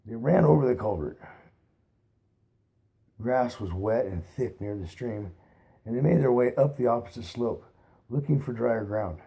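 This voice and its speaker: A man reading a novel aloud at an unhurried pace, correcting his slips as he goes. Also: mid-range voice, lively intonation, creaky, dark tone. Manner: unhurried, re-reads stumbles aloud. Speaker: reader.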